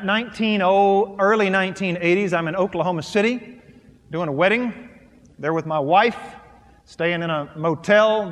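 High-voiced preacher man in echoing hall. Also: a bit bright. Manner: storytelling, emphatic preaching with punchy repeated phrases. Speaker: pastor. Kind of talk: sermon.

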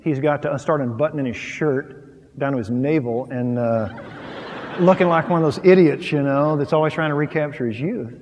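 A man preaching a sermon, moving from quiet, low asides to loud, rising emphasis and acting out little scenes. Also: normal speed, in a large hall, highs cut off, a little hiss or hum.

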